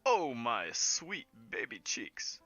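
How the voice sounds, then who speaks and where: A man's voice: medium pitch, big pitch swings, music in the background. A man doing a flamboyant, doting celebrity bard. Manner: theatrical, affectionate, drawn-out lines. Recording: muffled lo-fi audio.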